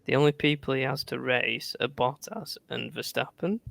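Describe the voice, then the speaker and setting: A man's voice: mid-range voice, moderate pace, gravelly, a bit bright, no echo. A man co-hosting a casual motorsport chat, laid-back and hesitant, with lots of fillers. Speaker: podcast co-host.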